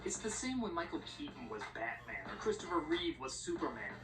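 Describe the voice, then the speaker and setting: A man narrating a comedic film review in a sarcastic, exaggerated manner, with sudden loud outbursts. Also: a little high, very animated, fairly quick, over music. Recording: roomy, distant, noisy playback through speakers.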